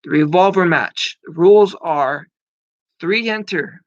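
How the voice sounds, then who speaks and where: A man's voice: high voice, takes it slowly, no echo. A man in his thirties giving casual, rambling wrestling predictions, with frequent fillers and casual swearing. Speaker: wrestling commentator. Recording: muffled lo-fi dry recording.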